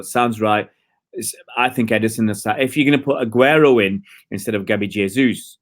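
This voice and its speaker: A man hosting a live stream, chatting in a rambling, hesitant way with lots of fillers and talking to his viewers. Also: fairly low pitch. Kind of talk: casual live-stream commentary.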